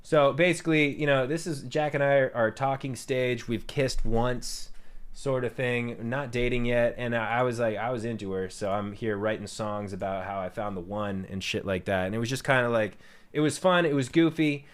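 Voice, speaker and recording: A man's voice: medium pitch, normal speed, clear, resonant tone. A young man streaming and talking casually about his own songs, candid and rambling, swearing freely. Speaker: streamer and musician. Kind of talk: casual livestream chat.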